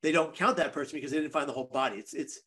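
A man's voice: a little high, rapid-fire, fairly bright tone, husky. A man guest on a podcast, telling a personal story in an earnest, vivid way.

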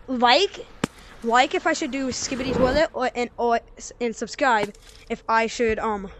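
Teen girl yapping over her game, high voice, gets loud n frustrated a lot, bit of background hiss. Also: a little slow. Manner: excitable, yells at failures, rambling. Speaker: gaming channel creator. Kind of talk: casual gameplay commentary.

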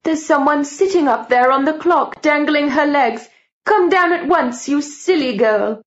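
A woman doing a high, entranced old great-aunt seer. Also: a little slow. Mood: entranced, alarmed. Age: older. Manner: breathless, rising to frantic cries. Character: elderly great-aunt seer lost in a frightened vision. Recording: dull lo-fi recording.

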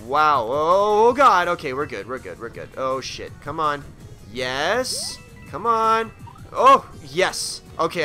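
A high, bright male voice that swings widely in pitch as he panics, curses and urges his game character on. He talks at an unhurried pace between the bursts, with faint music behind him. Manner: excitable, swears, panicky outbursts. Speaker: gaming let's play host. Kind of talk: let's play commentary.

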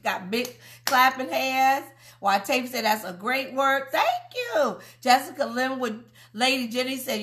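A woman's voice: high voice, fairly bright tone, slight background noise. A woman pastor preaching on a livestream, calling out praise, laughing often and reading viewers' comments aloud. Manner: exclaims, laughs often, drawn-out calls of praise.

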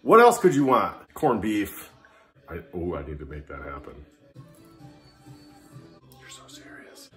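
A man talking casually to camera in a vlog, self-mocking and chatty as he mutters along. His voice swings lively up and down. The room is echoey, with music playing faintly behind. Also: deep voice, measured pace, pauses often. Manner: chatty, self-mocking, talks to himself while pouring. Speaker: vlogger. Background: Irish music playing.

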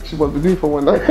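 A middle-aged Nigerian woman telling her story as an interview guest, expressive and quick to laugh. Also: high voice. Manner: expressive, laughs often, acts out quoted dialogue. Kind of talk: animated personal storytelling.

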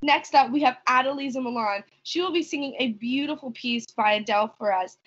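A woman's voice: high-pitched, brisk, fairly bright tone, husky, highs cut off. A teenage girl emceeing a school talent show, upbeat and playful. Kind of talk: stage announcing. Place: school auditorium. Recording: noisy crowd in the room.

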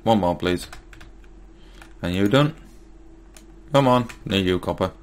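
A man's voice: low-pitched, lively intonation, slow. A man giving casual Let's Play commentary, muttering to himself and getting mildly exasperated as he crafts. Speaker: gaming YouTuber.

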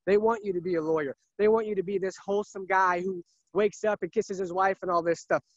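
Male salesman, emphatic and repetitive, high-ish voice, dry lo-fi recording. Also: fairly even intonation, a little fast, no room sound. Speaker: car salesman. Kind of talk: casual interview talk.

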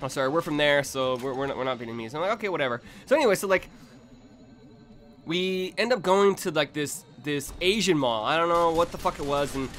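A man's voice: on the high side, fairly quick, fairly bright tone, soft background music. A young man in his twenties telling a rambling, profane story for his vlog, full of restarts and laughs. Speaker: vlogger.

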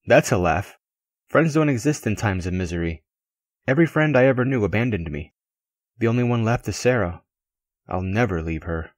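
A man's voice: on the low side, expressive, fairly quick, dry recording, studio quality, natural voice. A man reading aloud and voicing a bitter, suspicious, tormented male spirit with a sarcastic, defiant edge.

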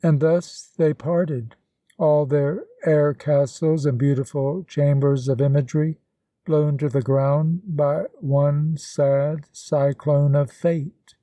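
A man narrating a classic novel as an audiobook, with a steady, even reading and a close mic. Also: fairly high pitch, takes it slowly, no room sound. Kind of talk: scripted narration.

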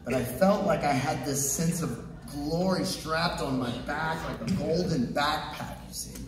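A man telling a personal story live on a theater stage, earnest and hushed at times, then bursting into loud, excited outbursts. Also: a little high, unhurried, background noise. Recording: echoey theater recording from far off, music underneath.

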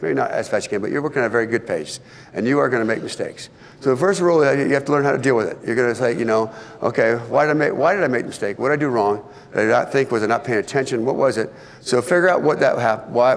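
A middle-aged man giving a public presentation as an astronaut guest speaker, telling stories in a relaxed, conversational way with light humor. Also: mid-range voice, vocal fry. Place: large event hall. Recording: long hall reverb.

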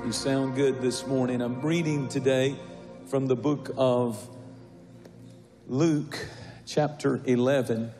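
A man's voice: medium pitch, steady tone, slow, pauses often, warm tone, soft background music. A male pastor, preaching a sermon in a conversational, jovial way that rises to a fervent reading. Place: large church sanctuary. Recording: echoey church hall.

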